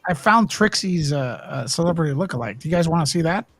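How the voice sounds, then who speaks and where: A man's voice: on the high side, animated, fast talker, fairly bright tone, a little hiss or hum. A man hosting a casual livestream chat, joking and teasing his guests and swearing freely. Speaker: host.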